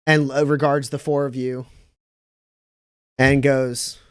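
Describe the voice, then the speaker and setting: A man's voice: mid-range voice, level tone, takes it slowly, clear, resonant tone, dry recording, studio quality. A man narrating as game master of a tabletop game, rambling with many fillers and restarts.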